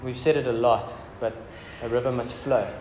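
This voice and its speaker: A man's voice: mid-range voice, steady tone, moderate pace, darkish tone. A man preaching a casual, joking sermon in a church hall. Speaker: pastor. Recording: echoey church hall with background noise.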